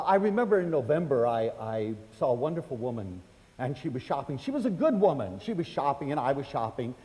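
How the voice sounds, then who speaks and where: An animated older American man with a slightly high voice tells personal stories in a lecture to an audience, with hall reverb in the recording. He acts out quoted voices and talks chattily, using plenty of fillers.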